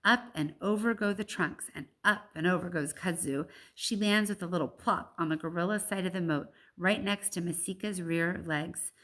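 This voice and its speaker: A woman's voice: lowish voice, normal speed, hardly any pauses. Woman reading a children's novel aloud. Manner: lively reading with chatty asides. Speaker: audiobook reader.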